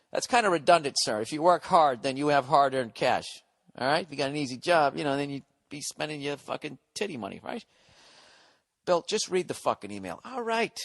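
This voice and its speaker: A man's voice: a little high, lively intonation, a little fast, creaky, a bit bright, no echo, clean studio sound. A man in his forties, from the United States, hosting a podcast with a sore throat, telling stories in a profane, sarcastic rant. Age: 40s. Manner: profane, ranting, sarcastic storytelling. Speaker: podcast host. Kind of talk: casual comedic monologue.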